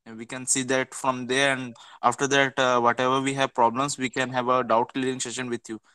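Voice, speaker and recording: A male student speaks politely to his teacher over a video call, filling pauses with hesitations. His voice is bright and smooth, with an even pitch. The sound is dry and close. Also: no room sound, rough recording. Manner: polite, deferential, many fillers. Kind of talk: online class discussion.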